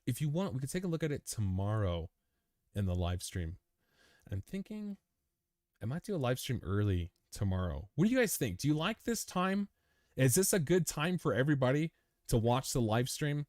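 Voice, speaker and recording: A very animated man with a medium-pitched, slightly mellow voice speaks at a moderate pace on a dry, studio-quality recording. Running a crypto live stream, he's worn out after a long session but still chats casually and answers viewer comments, laid-back, rambling and chummy, calling viewers dude.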